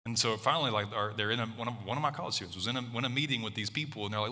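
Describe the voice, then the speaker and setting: A man's voice: medium pitch, racing, few pauses, bright, forceful tone, big-room sound. A man preaching a sermon in a loose, conversational way, often restarting his sentences and using filler words. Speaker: pastor.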